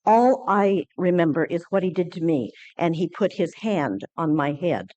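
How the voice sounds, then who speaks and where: A woman speaking at a conference, telling an earnest personal story with many halting restarts. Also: fairly low pitch, expressive, a little mellow, no room sound, lo-fi sound. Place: conference hall lecture.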